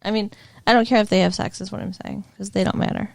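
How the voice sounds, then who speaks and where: A woman's voice: medium pitch, fairly even intonation, quick pace, gravelly, darkish tone, no echo. A woman co-hosting a casual movie review podcast, dry and unimpressed, with curt replies. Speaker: podcast co-host.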